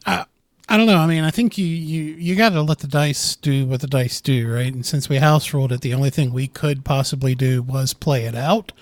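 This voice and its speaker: A man's voice: medium pitch, steady tone, a little fast, dry recording. Thoughtful man, dry close sound. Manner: thoughtful, stammering restarts. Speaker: player. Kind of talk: podcast discussion.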